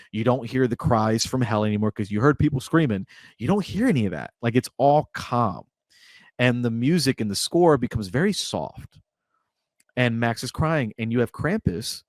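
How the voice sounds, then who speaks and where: Male podcast co-host, mid-pitched, lively retelling of film scenes, dry studio sound. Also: dry recording. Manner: animated storyteller, acts out scenes. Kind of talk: casual movie discussion.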